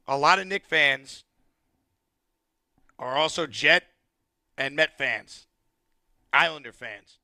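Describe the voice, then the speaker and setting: A man hosting a late-night sports call-in radio show, talking in an excited, emphatic way. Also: mid-range voice, smooth, dry recording. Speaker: radio sports talk host. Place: radio studio.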